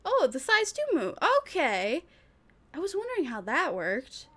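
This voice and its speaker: A woman's voice: sits high, huge pitch swings, unhurried, a bit bright. A woman VTuber chatting casually on a livestream, rambling and thinking aloud with frequent giggles. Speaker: VTuber streamer.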